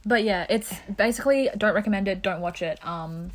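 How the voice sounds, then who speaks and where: A woman's voice: mid-range voice, brisk. A young woman co-hosting a podcast in offhand, casual chat, swearing freely. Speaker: podcast co-host.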